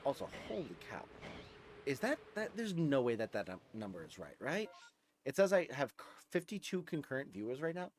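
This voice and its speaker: A young man streaming a game live, chatting casually with viewers and softly cooing to his dog, rambling with fillers. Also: medium pitch, very animated, fairly quick, slight background noise.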